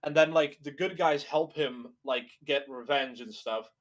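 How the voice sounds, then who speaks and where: This young man's voice is mid-range and a little slow. Reacting to a video as a co-host, he riffs in a rambling, profane way, full of fillers.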